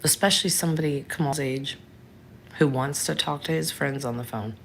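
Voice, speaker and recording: A woman's voice: sits low, fairly quick, a little hiss or hum. A woman in her thirties hosting a casual livestream, chatting frankly and answering viewers by name. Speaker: livestream host.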